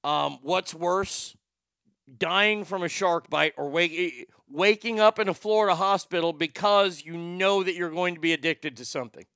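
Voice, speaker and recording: A man's voice: high voice, normal speed, gravelly, a bit bright, clear, resonant tone, no echo, clean studio sound. A man hosting a show, talking in a folksy, rambling, profane way with many restarts. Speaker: show host. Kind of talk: casual talk-show monologue.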